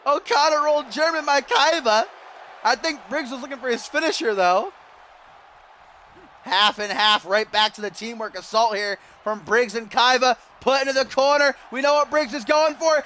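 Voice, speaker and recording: A man giving excited, shouty play-by-play commentary on a wrestling video game, swearing and getting out of breath. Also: very high-pitched, moderate pace, slight background noise. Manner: shouty, swearing, animated, mock wrestling-announcer delivery.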